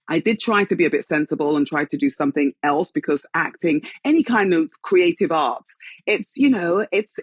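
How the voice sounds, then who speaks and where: A woman in her fifties speaks with a softened London accent. Her voice is husky and breathy, and she talks in a theatrical, chatty way, laughing often. The sound is dry and close to the mic. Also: fairly low pitch, no room sound. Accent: softened London English. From southeast London, England. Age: 50s. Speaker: guest, actress and entrepreneur. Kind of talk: casual interview chat.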